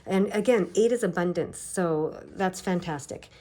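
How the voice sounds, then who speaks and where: A woman from Canada's East Coast giving a tarot reading, talking quickly and excitedly with many fillers. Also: lowish voice. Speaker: tarot reader. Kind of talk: tarot card reading to camera.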